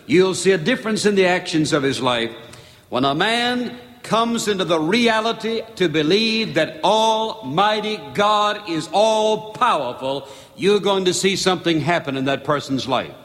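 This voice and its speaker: A man delivers a sermon in a church sanctuary, with a voice set a little higher than most men's. He reads scripture in a slow, emphatic cadence. The long reverb of the hall hangs behind every phrase. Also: expressive, fairly bright tone. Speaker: pastor.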